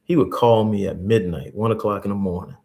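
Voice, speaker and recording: A host giving a teaching talk, repeating key points slowly and earnestly, with stories from church life. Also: male voice, lowish voice, fairly even intonation, gravelly, mellow.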